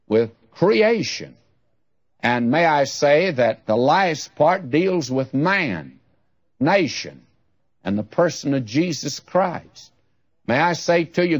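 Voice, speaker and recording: Slow, folksy male Bible teacher. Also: a little high, no echo. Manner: folksy, addresses listener directly; rhetorical questions to the listener. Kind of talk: radio Bible study teaching. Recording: dull lo-fi radio recording.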